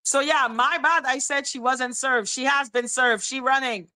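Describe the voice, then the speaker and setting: Woman host, casual stream commentary; sharp forceful tone, fairly high voice, blunt and condescending. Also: steady tone, moderate pace. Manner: swears freely, repeats herself.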